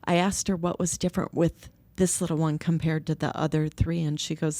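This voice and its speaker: A middle-aged woman telling stories in conversation, candid and lively, acting out what others said. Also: low voice, fairly quick, hardly any pauses, no room sound. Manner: candid, animated quoting of others. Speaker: guest, nonprofit co-founder. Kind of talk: conversational storytelling. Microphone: podcast microphone.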